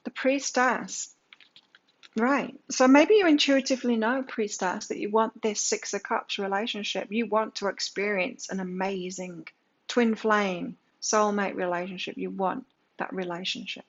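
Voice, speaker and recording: A woman's voice: medium pitch, fairly even intonation, measured pace. A woman giving a daily tarot energy reading, talking emphatically with lots of rhetorical questions. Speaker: tarot reader. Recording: slightly dull lo-fi sound.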